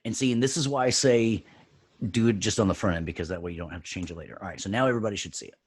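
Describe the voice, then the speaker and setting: A man teaching an audio software class, upbeat and jokey, walking students through steps and checking in with "right?". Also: on the low side, very fast, slight background noise.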